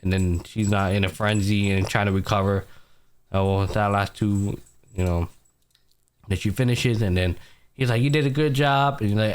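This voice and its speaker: A man's voice: on the low side, fairly even intonation, normal speed, clean tone. Slangy young man recapping anime. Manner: retells scenes by acting out characters' lines; loose, swearing slang-heavy talk. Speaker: podcast host. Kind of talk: casual anime recap chat.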